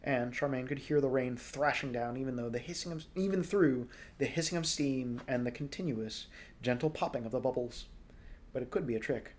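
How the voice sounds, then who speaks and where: A man reading a storybook aloud in a relaxed way, now and then correcting small slips. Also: mid-range voice, a little fast, slight background noise. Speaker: audiobook reader.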